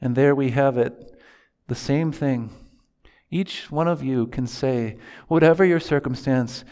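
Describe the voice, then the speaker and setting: A man's voice: medium pitch, a little slow, dark tone, clean tone. A male pastor preaching a sermon in an earnest manner, quoting prayers from scripture.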